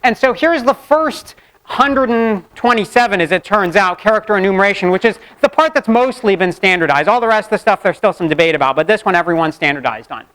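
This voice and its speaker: A man teaching a university class in a playful, joking way. His voice sits high for a man. He breaks up the explanation with quick asides and laughs. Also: expressive, a bit bright, rough recording. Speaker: university lecturer. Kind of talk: classroom lecture. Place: lecture hall.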